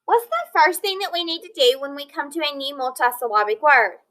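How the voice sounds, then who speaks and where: Woman, phonics teacher, high bright voice, patient and encouraging. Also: poor audio. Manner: slow, clear, encouraging teacher talk, sounding out words. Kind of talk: recorded phonics lesson for children.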